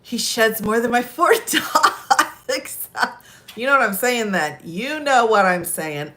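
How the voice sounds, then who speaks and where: A woman's voice: a little high, pushed and bright. A woman chatting casually on a live stream, telling stories and laughing often. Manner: giggly, chatty, lots of laughter.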